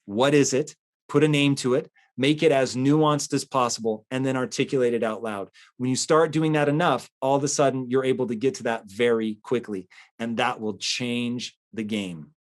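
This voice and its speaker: A man hosting a podcast, talking earnestly about emotions and telling a personal story in an animated way. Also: mid-range voice, moderate pace. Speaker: podcast host. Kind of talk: casual motivational talk.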